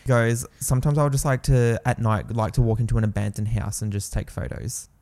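A man's voice: mid-range voice, fairly even intonation, brisk, a little mellow. A young man in casual conversation, telling stories in a hesitant way, full of fillers. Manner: hesitant, fillers heavy, lots of "like" and "I'm just like". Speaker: podcast co-host. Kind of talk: casual chat.

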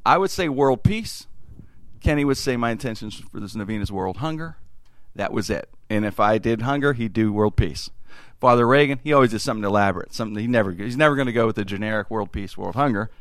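A man hosting a podcast and telling a story in casual chat, animated and rambling. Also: fairly low pitch, fast, dry recording. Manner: animated, rambling, acts out voices in stories. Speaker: podcast host.

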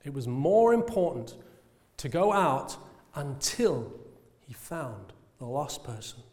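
A British man preaching a sermon with passion, asking rhetorical questions and drawing out key phrases slowly for emphasis. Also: mid-range voice, big pitch swings, darkish tone, in a large hall.

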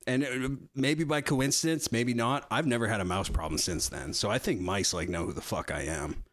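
A young man co-hosting a podcast, telling a story in casual, profane chat with animated swings in his voice. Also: medium pitch, moderate pace. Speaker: podcast co-host.

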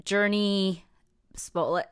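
A woman's voice: mid-range voice, steady tone, slow, smooth. A young adult woman hosting a casual pop culture podcast, chatty and upbeat. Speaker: podcast host.

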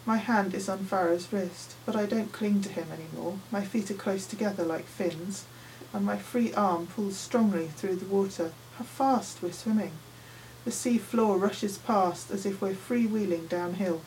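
A woman's voice: mid-range voice, a little slow, darkish tone, distant mic, rough recording. Woman reading a novel, tense vivid telling, sits back from the mic, faint hiss. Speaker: audiobook narrator. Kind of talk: first-person audiobook narration.

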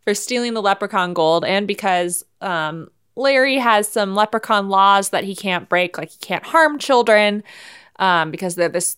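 A woman's voice: medium pitch, a bit bright, clear, resonant tone. A woman co-hosting a podcast, playfully making up a movie plot in a casual, giggly way. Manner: playful, giggly storytelling with many ums. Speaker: podcast co-host.

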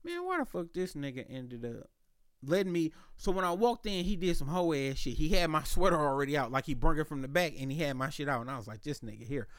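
A male podcast host tells a story casually and with plenty of profanity, acting out both sides of the exchange. His voice sits a little high and sounds smooth and resonant. The recording is dry and close. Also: lively intonation, fast, dry recording.

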